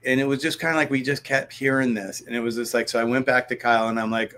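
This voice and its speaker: A man, a guest in a conversation, telling a story in an animated way and acting out the dialogue as he goes. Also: mid-range voice, fast, few pauses.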